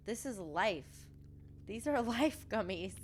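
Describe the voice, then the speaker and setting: A woman's voice: mid-range voice, animated, slow, slight background noise. A woman hosting a podcast in casual chat, gushing and talkative, laughing often in a studio. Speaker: podcast host.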